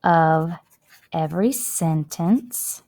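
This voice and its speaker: A woman's voice: sits low, extremely slow, a little mellow. A woman teacher giving a chatty, emphatic writing lesson to students while recording her screen, drawing out words as she demonstrates.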